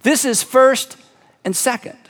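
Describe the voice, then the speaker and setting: High-voiced pastor telling a story. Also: male voice, unhurried. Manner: animated storytelling, conversational asides. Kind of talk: sermon. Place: church sanctuary. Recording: long reverb of a large hall.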